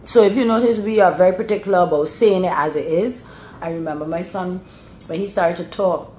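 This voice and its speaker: A woman's voice: lowish voice, a little fast, slight background noise. Barbadian woman explaining in a roomy space. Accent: Bajan (Barbadian). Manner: explains patiently, bursts brighter when mimicking local speech. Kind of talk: casual explanatory chat. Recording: roomy echo.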